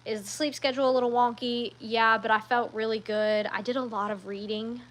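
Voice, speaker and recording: A woman chatting casually on a live stream, rambling along with frequent ums and quick self-corrections. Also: a little high, fairly even intonation, low-quality recording. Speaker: livestreamer.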